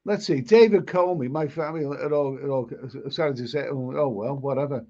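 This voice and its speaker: A man's voice: medium pitch, a little fast, mellow. A man hosting a casual live stream, reading viewer comments aloud and rambling, often repeating words and restarting his sentences. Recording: dull lo-fi sound.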